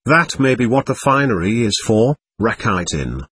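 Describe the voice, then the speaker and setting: A man's voice: medium pitch, very animated, moderate pace, fairly bright tone, breathy edge, no echo. A man reading the lines of a passionate, volatile young woman, proud and wounded, whose tone swings between tenderness and scorn. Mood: scornful.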